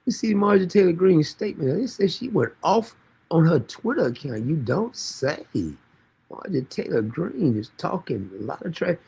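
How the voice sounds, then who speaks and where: This livestream host speaks a little slowly in a high-leaning, warm, gravelly voice with a breathy edge, very animated and pausing often. His talk is rambling and mocking, full of laughter, with occasional words to someone next to him.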